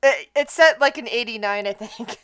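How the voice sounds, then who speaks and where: A woman chatting with fellow players on a call, talkative and quick to laugh, often restarting her sentences. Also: fairly high pitch, crowd noise. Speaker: tabletop game player. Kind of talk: casual chat.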